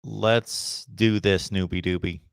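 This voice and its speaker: A man's voice: low voice, fairly even intonation, slow, vocal fry, clear, resonant tone, dry recording. A man hosting a live college football chat, reading viewer comments and giving emphatic opinions. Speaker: host of a college football livestream.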